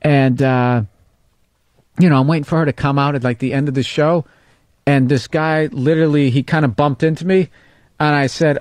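A man's voice: on the high side, fairly even intonation, moderate pace, darkish tone, no room sound, studio quality. A man co-hosting a casual comedy podcast, swearing and teasing as he tells stories. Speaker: comedian co-host.

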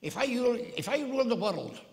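A man's voice: very high voice, expressive, fast, vocal fry, pitched above the performer's own voice, exaggerated voice. A man putting on the voice of a little old Irishman with an Irish accent, who keeps repeating himself as he rambles on. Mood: earnest. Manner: repetitive, stumbling over his words. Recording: long hall reverb.

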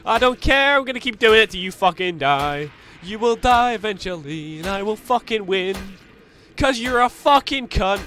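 Young scottish man, gaming commentary, sweary and taunting, bright forceful tone. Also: sits high, expressive, moderate pace, soft background music. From Scotland. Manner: sweary, taunting, yells in bursts. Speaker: gaming youtuber. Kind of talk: let's play commentary.

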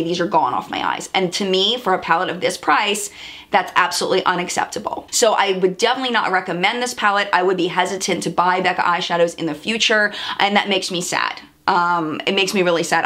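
A woman's voice: on the low side, a bit bright. A woman vlogger giving a chatty, candid makeup review, stressing her points by repeating words. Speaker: beauty vlogger. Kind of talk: product review vlog.

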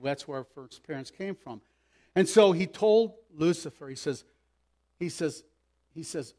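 A man preaching a sermon as pastor, emphatic, swinging between loud pleas and hushed asides. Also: fairly high pitch, animated, measured pace, pauses often.

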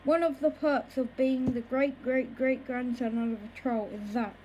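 A woman reading a children's book aloud in a slow, careful way, with occasional small stumbles over words. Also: sits high, fairly even intonation, mellow, dull audio, a little hiss or hum. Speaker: storybook reader.

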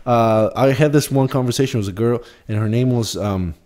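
A man's voice: mid-range voice, fairly quick, darkish tone. A young man co-hosting a podcast, chatting casually and reading out dating profiles with a mocking, profane tone. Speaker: podcast co-host. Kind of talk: casual chat.

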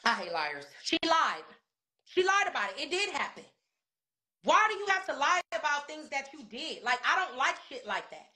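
A woman's voice: high-pitched, sing-song, normal speed, pushed and bright. A woman, a reality TV cast member, venting in a casual interview. She is heated, swears a lot and repeats words for emphasis.

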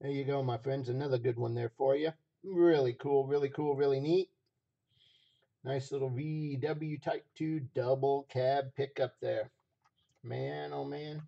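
A hoarse man running a live stream auction, repeating phrases as he hypes each item from a basement room. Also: medium pitch, steady tone, measured pace, dull audio.

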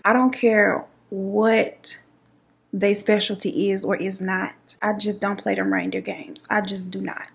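A woman's voice: medium pitch, moderate pace, vocal fry. A woman telling a dramatic personal story to her viewers in a sassy, chatty way. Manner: sassy, dramatic, calls listeners child and girl. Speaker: YouTube storyteller.

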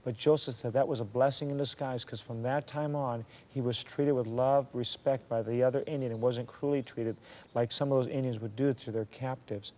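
A middle-aged man telling a true story to listeners in an animated way, raising his voice for the quoted lines. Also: medium pitch, moderate pace. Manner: drops to a hush for whispered lines.

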